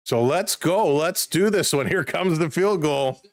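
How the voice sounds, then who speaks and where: A man casually calling football play-by-play on a live stream, chatting excitedly with viewers. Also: on the high side, unhurried, no room sound, studio quality.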